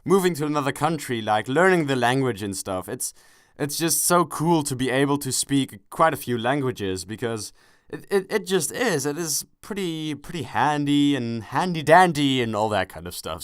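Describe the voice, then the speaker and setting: Lively, rambling young man commentating gameplay. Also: medium pitch, moderate pace, dry recording, clean studio sound. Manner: rambling, self-correcting, swears casually, jokey. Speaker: gaming commentator. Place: at home, kneeling without a chair.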